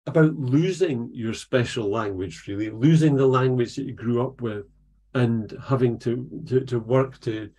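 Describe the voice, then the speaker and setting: A middle-aged man, leading an online poetry workshop over a video call in an encouraging, unhurried way. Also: medium pitch, darkish tone. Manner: encouraging, unhurried, reads poems aloud.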